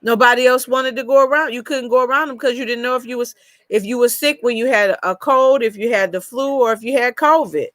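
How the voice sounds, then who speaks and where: A woman's voice: on the high side, fairly quick, dry recording. A woman hosting a casual live chat, telling a long personal story in a rambling way and greeting viewers by name.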